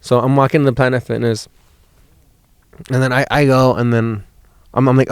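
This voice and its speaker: Profane laid-back comedian telling road stories. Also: male voice, medium pitch, little pitch movement, normal speed, long pauses, clear, resonant tone, no echo, clean studio sound. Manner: profane, laid-back, repeats and restarts words, laughs mid-story. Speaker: stand-up comedian on a road trip. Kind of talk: casual rambling storytelling.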